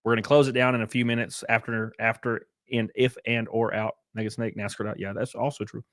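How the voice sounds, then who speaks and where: An American man with a mid-range, level, slightly bright voice talks briskly to his live-stream viewers in clean studio sound with no echo. Laid-back and rambling, he curses now and then and sings snatches of a theme song.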